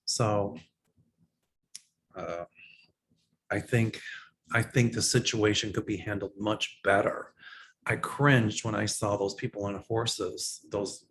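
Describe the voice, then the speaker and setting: A man's voice: on the low side, steady tone, slow, long pauses, a bit bright, a little hiss or hum. A man answering viewer questions as a psychic host in a casual, opinionated way, with frequent ums and restarts. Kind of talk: casual livestream Q&A.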